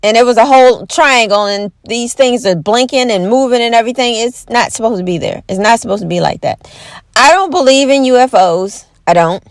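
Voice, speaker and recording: Folksy and emphatic, a woman vlogger with a voice on the high side rants to camera in an over-the-top comedic way. She leans on repeated catchphrases and quick mock voices, and there's no echo.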